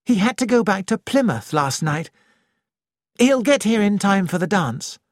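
A reader voicing a lively, restless young woman with a bright, breathless, gushing manner, in an audiobook. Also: medium pitch, unhurried, no room sound, clean studio sound, pitched above the performer's own voice. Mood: chatty. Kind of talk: audiobook character voice.

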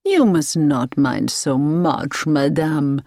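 A woman voicing a calm, businesslike elderly man who speaks slowly and soothingly while holding someone captive. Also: medium pitch, no room sound, clean studio sound, voice pushed up. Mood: calmly menacing. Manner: slow, measured, soothing.

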